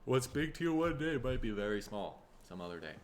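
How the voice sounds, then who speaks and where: A man from Minnesota, hosting a casual solo podcast, tired and rough in the throat, rambling and swearing freely. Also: medium pitch, very animated, fairly quick, a little hiss or hum. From Minnesota, USA. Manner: rambling, profane, laid-back. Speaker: podcast host.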